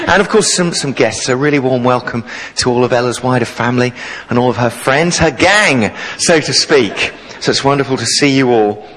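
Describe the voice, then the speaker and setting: A man preaching a sermon as the new vicar, telling lively stories from his teaching days to the congregation. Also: mid-range voice, moderate pace, few pauses, long reverb tail, poor audio. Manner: jovial, animated storyteller. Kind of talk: sermon with storytelling. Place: church.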